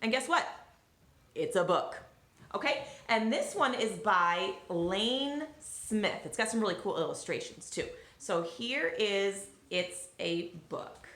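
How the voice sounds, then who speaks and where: Lively, bright-voiced woman reading aloud. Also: mid-range voice, slow pace. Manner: gentle, chatty, talks to young listeners. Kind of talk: children's read-aloud. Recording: roomy echo.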